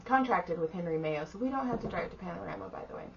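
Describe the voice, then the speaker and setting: Low gravelly woman telling a profane story. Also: fast. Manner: profane, animated retelling with quoted voices. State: exhausted. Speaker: podcast co-host. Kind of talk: casual storytelling chat. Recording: slightly dull audio with faint room noise.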